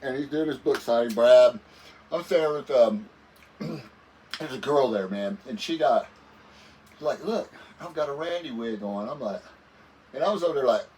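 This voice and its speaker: A man's voice: mid-range voice, moderate pace, long pauses, a little mellow. A man guest musician telling stories casually in an interview, rambling and laid-back, often saying "man". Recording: voice a bit far from the mic with faint noise.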